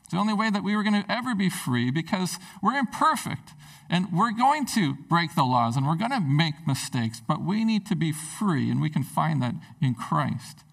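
A man's voice: fairly high pitch, very animated, moderate pace, creaky, fairly bright tone, recorded from a distance, low-quality recording. A man preaching a sermon as pastor, speaking in an earnest, conversational way with frequent restarts.

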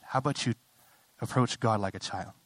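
At normal speed on a dry recording, this young pastor gives a sermon in a conversational manner. He builds toward passionate, high-pitched fervor and drops in self-interrupting, apologetic asides.

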